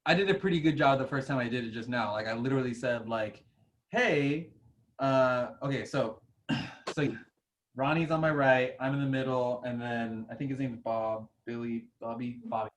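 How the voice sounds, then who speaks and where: A man's voice: medium pitch, moderate pace, slight background noise. A young man hosting a casual podcast chat, rambling through stories and acting out what he said. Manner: rambling storytelling with laughs and acted-out quotes. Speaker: podcast host.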